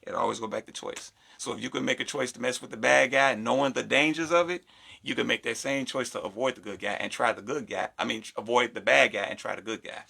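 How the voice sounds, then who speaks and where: Bright, creaky-voiced man talking animatedly. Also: medium pitch, fast talker. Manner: animated, acts out quoted voices. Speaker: podcast co-host. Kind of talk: casual podcast chat.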